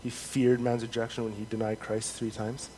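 A man's voice: mid-range voice, level tone, dark tone. Man preaching in an echoey hall. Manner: earnest, measured, scripture reading with rising emphasis. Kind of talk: sermon. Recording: long hall reverb, faint noise.

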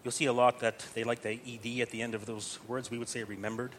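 A man's voice: mid-range voice, level tone, fast, hardly any pauses, a little hiss or hum. A man teaching Gregorian chant to a group, explaining patiently step by step and often checking in with "right?".

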